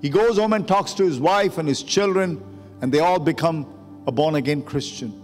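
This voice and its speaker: A man's voice: on the high side, normal speed. Emotional preaching man in a reverberant hall. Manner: emotional, rising to urgent preaching. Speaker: pastor. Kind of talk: sermon storytelling. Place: church sanctuary. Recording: long church hall reverb, music underneath.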